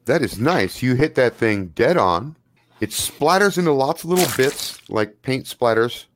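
A man narrating a tabletop role-playing game as game master, in a relaxed, loose way with plenty of fillers. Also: mid-range voice, unhurried, background noise.

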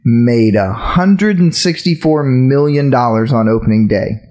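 A man's voice: mid-range voice, unhurried, darkish tone. A man in casual chat given to joking, mock-outraged rants.

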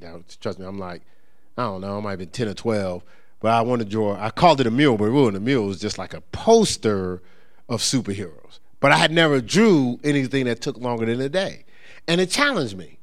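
A man pastor preaching a sermon, acting out quoted voices and slipping into a quiet storytelling tone for a personal story. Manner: animated preaching with rising emphasis and quoted voices; drops into a low, soft storytelling voice.

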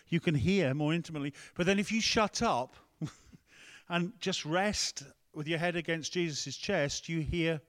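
A man preaching a conversational sermon, breaking off to ask the room and the tech team for help. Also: fairly high pitch. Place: church hall with a screen.

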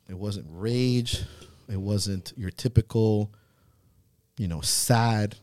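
A podcast host in his thirties telling a heartfelt personal story, earnest and halting, swearing freely. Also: on the low side, dark tone, no room sound. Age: 30s. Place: podcast studio.

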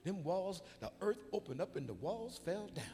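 A man's voice: high voice, very animated, normal speed, mellow, in a large hall, a little hiss or hum. A man preaching in church voices a boastful male army leader in a folksy, swaggering way.

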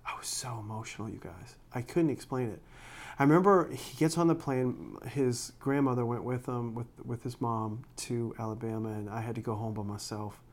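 A man's voice: medium pitch, fairly even intonation, normal speed. A middle-aged man, a pastor preaching a sermon, telling personal stories in an earnest, emotional way with frequent restarts.

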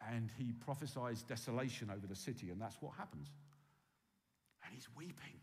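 A man preaching a sermon, swinging from loud emphasis to hushed, quiet tones. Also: mid-range voice, expressive, moderate pace. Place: church hall with long reverb. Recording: reverberant hall.

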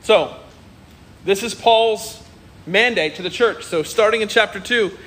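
Male pastor, sermon, high voice, earnest, emphatic, repeats himself. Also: unhurried, a bit bright. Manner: earnest, emphatic, with many repetitions. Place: church stage.

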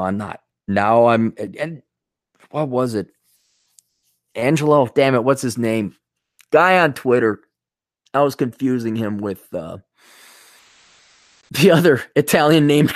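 A man's voice: mid-range voice, no room sound, studio quality. A man hosting a solo podcast, ranting bluntly and scornfully with a lot of profanity, wandering off on tangents and restarting his sentences. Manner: loose, digressive, with frequent restarts. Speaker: podcast host.

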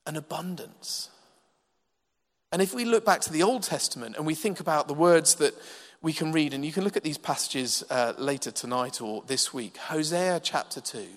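A man preaching a sermon in a church, measured and emphatic with dramatic pauses. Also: on the high side. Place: church hall. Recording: long reverb of a large hall.

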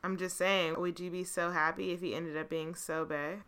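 A woman's voice: on the low side, flat delivery, moderate pace, fairly bright tone. A woman co-hosting a casual chat, teasing and blunt, laughing a lot.

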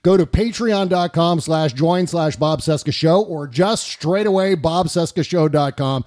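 Sarcastic male podcast host, slightly high voice. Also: unhurried, a little mellow. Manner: sarcastic, mimics quotes in a mocking voice. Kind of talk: casual political talk.

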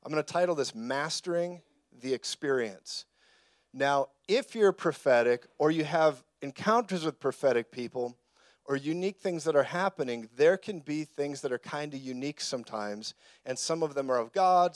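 A man preaching a sermon in a conversational, storytelling way, now and then rising to shouted emphasis. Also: fairly high pitch, no room sound, studio quality.

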